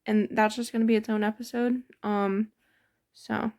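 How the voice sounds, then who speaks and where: A woman's voice: fairly high pitch, little pitch movement, moderate pace, a little mellow. A woman casually recounting a tabletop game session in a rambling, giggly way. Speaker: storyteller.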